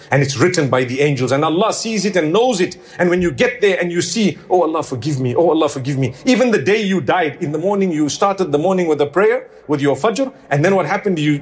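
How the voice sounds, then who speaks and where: Male preacher, sermon delivery, slightly high voice, chatty and pleading, rhetorical questions. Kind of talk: sermon to a live congregation.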